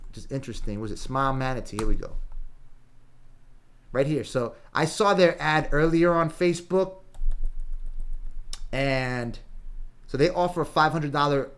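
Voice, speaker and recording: A man coaching viewers through a screen-share lesson at an ordinary speaking pitch. He thinks aloud as he clicks around and keeps it loose and punchy, tossing in "right?" and "boom" as he goes. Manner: thinks aloud while browsing. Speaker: business coach.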